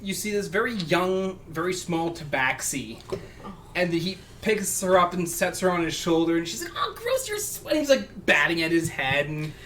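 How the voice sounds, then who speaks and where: A man narrating a tabletop game as game master, describing scenes in halting bursts full of fillers. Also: on the high side, bright, forceful tone. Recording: faint background noise.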